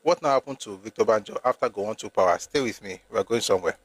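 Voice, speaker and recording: Nigerian man, low-pitched, casual live-stream host, reads aloud, spars with viewers. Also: fast talker, no echo. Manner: argumentative with commenters, rising to emphatic at times. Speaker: host reading and discussing history with live viewers.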